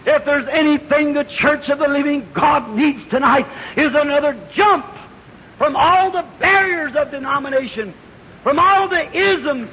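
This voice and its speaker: A man preaching a revival sermon, telling a folksy story that builds into shouted fervor, heard on an old archival tape. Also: very high voice, normal speed, slight background noise. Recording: dull old archival tape in a reverberant hall.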